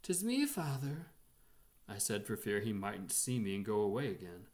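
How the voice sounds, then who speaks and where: Man reading a short story aloud. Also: on the low side. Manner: measured, expressive storytelling. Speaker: reader.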